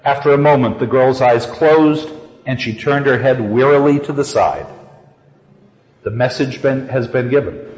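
A man teaching literature, reading a story aloud and stopping to explain it with deliberate emphasis. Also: medium pitch, a little mellow. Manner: reads passages then explains them, deliberate and emphatic. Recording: echoey hall, dull lo-fi sound.

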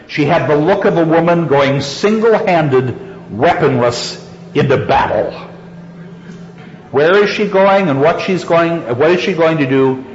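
Male lecturer, high voice, chuckles and repeats lines for emphasis; long hall reverb, dull recording. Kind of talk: lecture reading from a story. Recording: echoey hall, dull lo-fi sound.

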